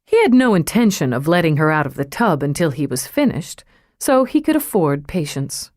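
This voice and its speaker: A woman narrating a novel as an audiobook reader, in a measured, even storytelling manner. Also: deep voice, no echo, studio quality. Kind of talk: scripted narration.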